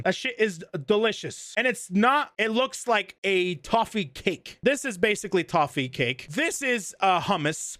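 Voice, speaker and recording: A man's voice: high voice, fairly bright tone, dry recording, studio quality. A man streaming live, ranting in an exasperated, incredulous way in casual chat.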